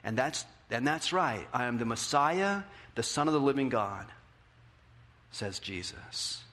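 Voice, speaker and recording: A man preaching a sermon as pastor, animated, acting out the quotes in a raised voice. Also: medium pitch, unhurried. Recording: hall with long reverb.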